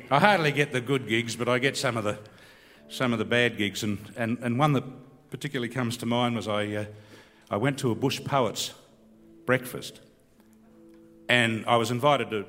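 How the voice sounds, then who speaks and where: A man's voice: mid-range voice, a bit bright. A middle-aged Australian man, a bush poet, telling a self-mocking comic story and reciting rhyming verse with hesitant restarts. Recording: reverberant hall.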